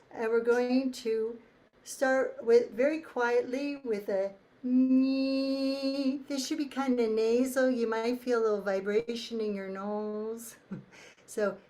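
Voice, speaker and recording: A woman leading a choir through breathing warm-ups, counting beats and giving calm instructions. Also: on the high side. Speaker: choir leader. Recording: faint ticking metronome.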